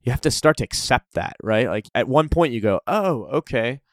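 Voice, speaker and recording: A man telling stories in a casual conversation, animated and often laughing. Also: mid-range voice, moderate pace, no echo, studio quality. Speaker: interview guest.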